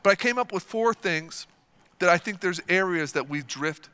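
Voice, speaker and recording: Bright, animated man preaching a sermon. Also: sits high, moderate pace, smooth. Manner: animated and emphatic, with lively storytelling; repeats words when stressing a point. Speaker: pastor.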